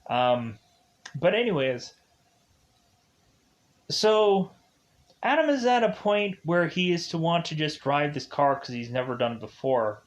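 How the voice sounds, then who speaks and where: A man's voice: fairly high pitch, animated, measured pace, pauses often. A man recapping a film in a casual, rambling way, with many fillers, and retelling the scenes loosely in the present tense. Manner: rambling, filler-heavy, with many likes and kinda's. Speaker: film reviewer. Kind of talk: casual spoken movie recap.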